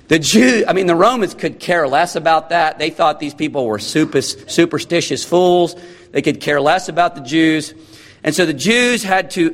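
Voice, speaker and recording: A man preaches a sermon in a chatty, explanatory way, breaking off from the passage to paraphrase it with lively asides. His voice sits a little high for a man. It rings with the long reverb of a large hall. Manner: conversational, paraphrasing scripture with animated asides. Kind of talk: expository sermon.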